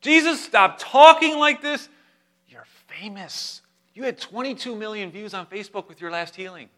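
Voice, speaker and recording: A man voicing an excitable young male disciple, pleading urgently in a much higher voice. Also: normal speed.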